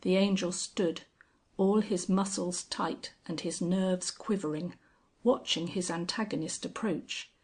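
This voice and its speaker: A woman narrating a classic tale in a measured reading voice. Her delivery is slow, and her tone is soft and breathy. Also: lowish voice, steady tone. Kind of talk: scripted storybook narration.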